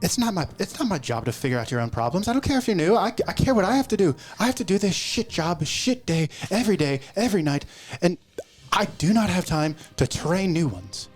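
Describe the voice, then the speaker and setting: A man's voice: mid-range voice, big pitch swings, fast talker, few pauses, slightly rough, soft background music. A man voicing a rude, harried red-haired woman farmhand who swears and snaps orders in a tabletop game. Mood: irritated. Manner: snappish, swearing, shouting orders.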